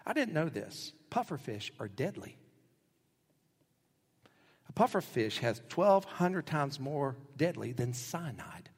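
A middle-aged male pastor preaching a sermon, telling stories animatedly and acting out quotes with sudden jumps in pitch. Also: sing-song, slow pace, pauses often. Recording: husky voice with long hall reverb.

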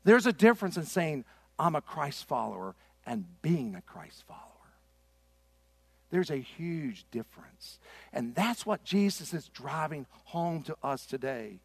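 Impassioned pastor preaching. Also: male voice, fairly high pitch, very animated, a little slow, creaky, husky, no echo. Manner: impassioned, swings from loud to hushed. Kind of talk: sermon. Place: church sanctuary.

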